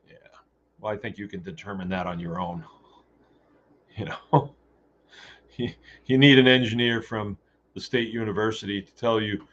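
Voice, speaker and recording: A man hosts a casual talk show in a low voice, joking and blunt as he rambles from topic to topic. The recording sounds dull and lo-fi. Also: normal speed, pauses often, a bit bright. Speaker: host.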